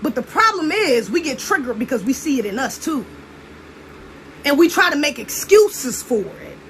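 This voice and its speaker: A woman's voice: high-pitched, big pitch swings, moderate pace, fairly bright tone, slight background noise. A young American woman giving a blunt, preachy, profane casual monologue. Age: young adult. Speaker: commentator.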